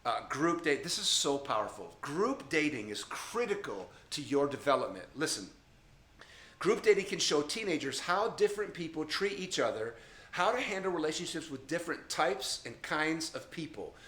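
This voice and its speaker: A man's voice: a little high, big pitch swings, normal speed, sharp tone. Middle-aged guy preaching dating rules to teens, punchy and repetitive, keeps saying okay, roomy echo. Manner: emphatic, repetitive, addresses listeners directly with frequent "okay?". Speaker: youth ministry speaker. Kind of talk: informal teaching talk to a camera.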